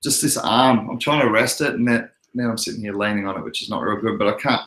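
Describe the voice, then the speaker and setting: A man's voice: on the low side, fast talker, fairly bright tone. A young Australian man from Queensland hosting a crypto livestream, chatting casually and answering his viewers' messages. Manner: laid-back, chatty, answers chat messages. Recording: echoey room.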